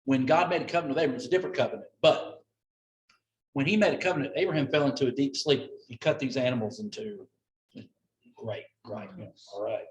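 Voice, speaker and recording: A man leading a Bible study, folksy and conversational, acting out scripture with lively quoted voices. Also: mid-range voice, fast talker. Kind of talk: informal Bible study teaching. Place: church room with a group. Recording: echoey room, mic at a distance.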